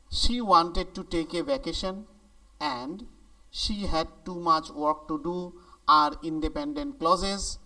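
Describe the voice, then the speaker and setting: A male grammar teacher, explaining sentence structures slowly and deliberately, stressing key words. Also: on the high side. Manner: slow and deliberate, lively emphasis on key words. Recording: voice a bit distant from the mic.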